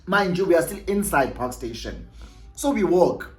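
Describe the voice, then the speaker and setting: A young South African man with a South African accent, telling a story casually in an animated way and slipping in isiXhosa phrases. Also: a little high, moderate pace, reverberant, soft background music. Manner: animated, laughing, mixes isiXhosa phrases into his talk. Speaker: vlogger.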